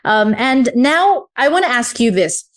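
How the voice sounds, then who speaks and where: A woman's voice: on the high side, sing-song, measured pace. A woman hosting a podcast interview, asking thoughtful questions and giving frequent listening murmurs. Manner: attentive, frequent "mm" listening cues. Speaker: podcast host.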